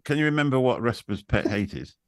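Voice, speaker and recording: A man's voice: medium pitch, big pitch swings, fairly quick, no room sound, clean studio sound. A man chatting casually on a livestream, teasing his co-hosts.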